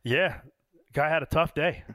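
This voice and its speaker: A man hosting a podcast who is also a race driver, telling animated stories in casual chat and swearing now and then. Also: fairly high pitch, a little slow, no room sound.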